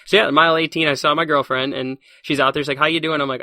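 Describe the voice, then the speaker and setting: A man talks fast with a bright, forceful voice, animated and quick to laugh as he tells his stories. The sound is dry and close, with no room around it. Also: a little high, no room sound. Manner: fast, animated storyteller who laughs often. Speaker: podcast guest, science teacher. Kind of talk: casual interview chat.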